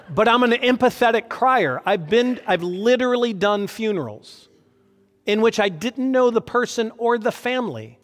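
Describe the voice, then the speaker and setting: A man preaching a sermon as a pastor, earnest and emotional, with lively emphasis. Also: high voice, moderate pace. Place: church hall. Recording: long hall reverb.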